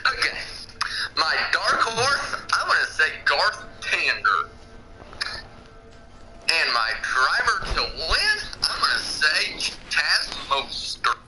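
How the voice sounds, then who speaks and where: Slow, sing-song male co-host over loud music. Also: fairly high pitch, wildly swooping pitch, rough recording. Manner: laid-back, reads out his picks. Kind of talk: casual chat. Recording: loud game music behind.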